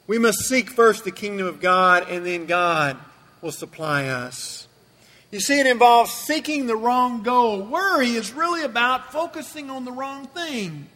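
Male preacher, very high sharp voice, emphatic, long church reverb. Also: moderate pace, few pauses. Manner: emphatic, repeats phrases for effect. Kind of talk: sermon. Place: church sanctuary.

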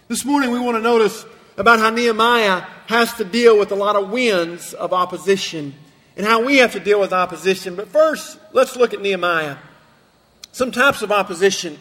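High, bright-voiced man preaching. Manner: slow, emphatic, drawn-out phrasing. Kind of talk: sermon. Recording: long hall reverb.

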